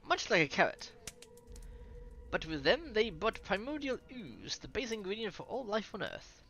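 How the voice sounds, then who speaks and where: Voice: medium pitch, very animated, pushed and bright, muffled recording, pitched above the performer's own voice. A streamer doing a lecturing scholar. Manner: lecturing, measured and deliberate. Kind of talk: reading a visual novel aloud.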